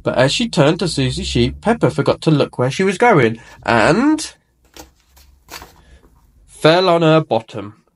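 A man reading a children's storybook aloud in an expressive, animated way. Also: fairly high pitch, unhurried, pauses often.

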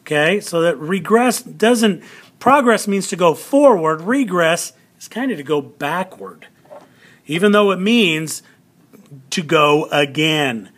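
Male teacher, patient and unhurried, somewhat high voice, walks students through a lesson. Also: expressive, a bit bright. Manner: slow, patient, repeats words for emphasis. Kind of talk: classroom lesson video.

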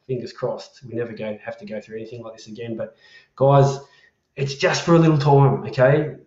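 An Australian man hosts a laid-back live chat, reading out comments in a matey voice with the odd swear word. He sits at a middling pitch. The sound is roomy and echoey, with a dull, lo-fi edge. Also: steady tone, fairly quick, a little mellow. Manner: chatty, matey, swears freely. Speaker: livestream host.

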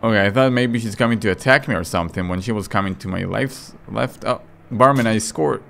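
A man's voice: fairly low pitch, fairly quick, creaky, fairly bright tone, a little hiss or hum. A man doing let's play commentary, joking and reading in-game lines aloud with sudden outbursts. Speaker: gaming commentator.

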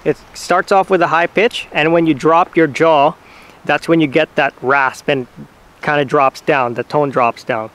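Casual male host, a bit high-pitched, clean smooth tone, patient step-by-step explainer. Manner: relaxed, patient, talks in short halting phrases with fillers. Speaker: hunting channel host teaching turkey calls. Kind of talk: casual how-to instruction.

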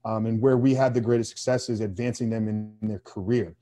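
A man's voice: fairly low pitch, steady tone, fairly quick, mellow. A man speaking as a guest coach on a podcast, answering earnestly with frequent fillers and restarts. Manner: earnest, faith-driven, with many fillers.

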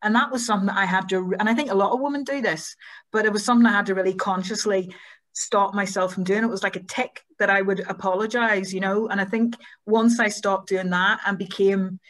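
Northern irish woman, journalist, earnest reflective talk, flat even pitch. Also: brisk. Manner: earnest, self-deprecating. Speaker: panellist journalist.

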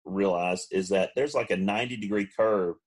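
A man, co-hosting a podcast and telling a long funny story, now and then mimicking friends in high voices. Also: normal speed, breathy edge. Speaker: podcast co-host. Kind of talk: casual storytelling.

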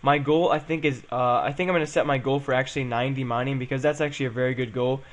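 A man's voice: mid-range voice, steady tone, fast talker. A young man chatting casually as he plays and comments on a game, rambling and saying "um" and "guys" a lot. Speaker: gaming channel host.

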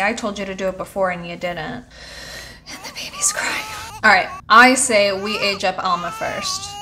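A woman's voice: medium pitch, pushed and bright, a little hiss or hum. A young woman giving casual commentary on her life-simulation game, chatting and bossing her characters around. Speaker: gaming channel host.

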